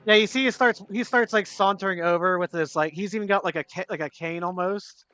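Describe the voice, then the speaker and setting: A man's voice: high-pitched, fairly quick, pushed and bright, clear, resonant tone, lo-fi sound, faint music behind. A man narrating a tabletop game as game master, rambling with many fillers and restarts.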